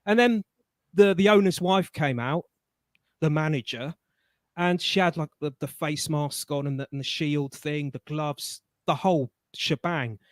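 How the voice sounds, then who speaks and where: A man's voice: on the high side, a little slow, no room sound. Dry-voiced man, stammering storyteller. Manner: animated, stammering restarts, colloquial. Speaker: guest. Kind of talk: casual storytelling in a live chat.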